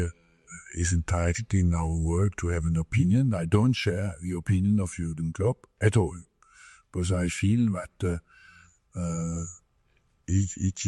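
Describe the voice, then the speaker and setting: A man answering at a press conference in a measured way with hesitations. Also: deep voice, mellow, breathy edge, no room sound, studio quality.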